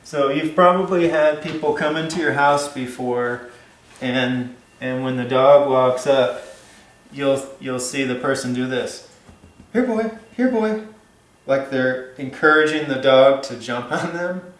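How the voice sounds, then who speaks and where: A man's voice: mid-range voice, steady tone, unhurried, a bit bright, echoey room, poor audio. A man giving dog-training advice in a casual, rambling way, with many fillers and restarts.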